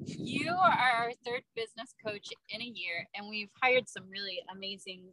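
A woman's voice: medium pitch, normal speed, pushed and bright, a little hiss or hum, poor audio. A woman guest on a podcast, speaking casually and hesitantly with lots of fillers. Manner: hesitant, many likes and restarts. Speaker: guest, ministry business co-founder.

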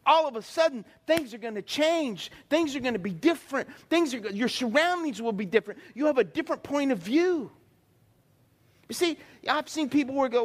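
Preacher guy, really high voice, acts out bits and calls to the crowd. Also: brisk. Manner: animated preaching with acted-out voices and call-and-response. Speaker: pastor. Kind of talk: sermon.

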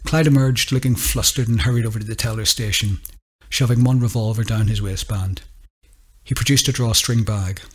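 A man narrates a story in a measured, steady delivery. His voice has a husky, slightly breathy grain at a middle pitch.

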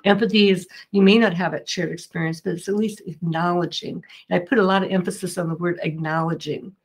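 Earnest woman guest, low voice. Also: fairly even intonation, fairly quick, breathy edge. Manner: earnest, explanatory, many fillers and restarts. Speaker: mediator and guest. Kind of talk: interview answers.

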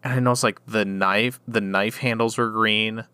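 A man's voice: on the low side, steady tone, moderate pace, sharp tone, smooth, dry recording. A man co-hosting a podcast, rambling through a casual chat with many fillers and restarts. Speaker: podcast co-host.

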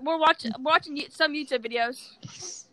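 A woman's voice: sits high, measured pace, a crowd in the background, low-quality recording. A young woman in a casual podcast chat, telling a story in a rambling, loose way.

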